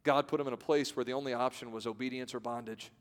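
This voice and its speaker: A man pastor preaching a sermon, swinging from loud to hushed and acting out voices. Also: medium pitch, steady tone, fast. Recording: long reverb of a large hall.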